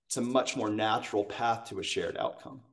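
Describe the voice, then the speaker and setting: Animated male sales coach, storytelling. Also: lowish voice, moderate pace, far from the mic. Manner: animated, acts out quotes. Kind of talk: conversational storytelling.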